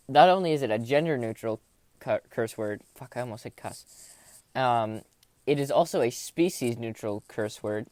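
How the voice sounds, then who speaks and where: A young man rambles through online posts in a casual, self-mocking way, laughing at his own slips. His voice sits at an ordinary middle pitch and is recorded close up in a dry, dead room. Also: dry recording. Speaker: YouTuber reading Reddit posts. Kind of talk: casual commentary on reading posts.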